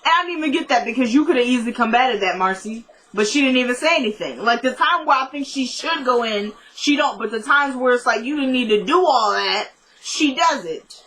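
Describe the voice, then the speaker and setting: Woman vlogger with a raised pitch, tired but playful, casually recapping a show for viewers. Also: animated, brisk, few pauses, a bit bright. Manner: chatty and playful, joking asides to viewers. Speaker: TV episode recapper.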